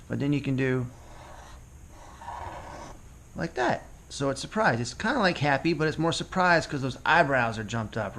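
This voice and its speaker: Gravelly man teaching cartooning to kids. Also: mid-range voice, a little hiss or hum. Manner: relaxed, ad-libbing as he draws. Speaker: drawing teacher. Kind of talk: casual drawing tutorial.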